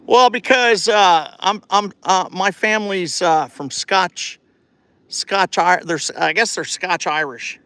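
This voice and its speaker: A man casually livestreaming from a residential street, cheering a child on and rambling with halting restarts into his phone. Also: sits high, sharp tone, no echo. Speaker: vlogger livestreaming. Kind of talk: casual live-stream chat.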